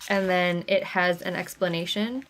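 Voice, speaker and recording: A woman hosts a livestream craft sale, chatting casually and reading out viewers' names and chat comments as she answers them. Her voice is lowish and steady, a bit bright, at a normal speed.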